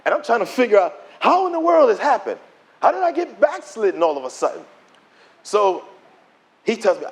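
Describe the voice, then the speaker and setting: Lively, high-voiced preacher man telling his story. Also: normal speed, pauses often. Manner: animated storytelling, acts out dialogue in quoted voices. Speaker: preacher giving testimony. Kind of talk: preached testimony to a conference audience.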